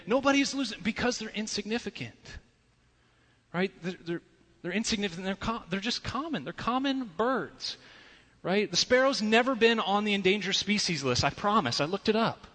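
High, bright-voiced male preacher in a hall. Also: normal speed. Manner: conversational, rhetorical asides, animated swings from loud to hushed. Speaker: pastor. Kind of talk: sermon. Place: church sanctuary. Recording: long reverb of a large hall.

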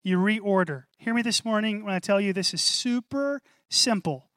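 A man preaching a sermon to a congregation, animated, repeating key phrases and calling for responses. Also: high-pitched, moderate pace, no echo, studio quality. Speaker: pastor.

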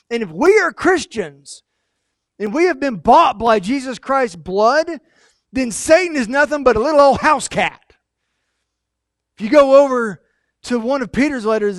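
A pastor delivers a sermon with lively, dramatic storytelling. His voice sits high for a man. The recording is dry and close, with no room echo. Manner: animated and emphatic, dramatic storytelling.

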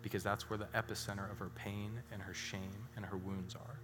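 A man preaching a sermon as a pastor, telling a story and dropping suddenly to hushed emphasis. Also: lowish voice, level tone, a little fast. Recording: reverberant hall with faint music.

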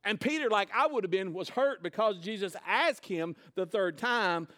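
A man's voice: high-pitched, expressive, moderate pace, pushed and bright. A man preaching a sermon, retelling a scripture story in casual, conversational words. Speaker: pastor.

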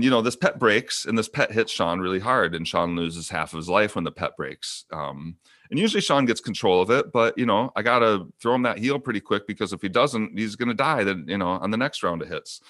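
A man's voice: on the low side, a bit bright, no room sound, studio quality. A man co-hosting a podcast, telling a rambling story in casual chat, getting worked up and swearing often. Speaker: podcast co-host.

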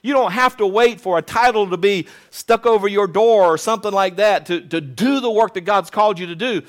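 A man delivers a sermon in a fairly high voice. He talks conversationally to the congregation and builds to urgent, insistent exhortation. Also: brisk. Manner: retells a story in a low, quiet voice. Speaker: pastor.

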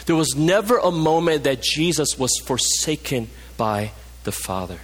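A pastor preaching a passionate sermon, dropping low and soft for emphasis, in a church. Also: male voice, animated, normal speed. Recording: long reverb of a hall.

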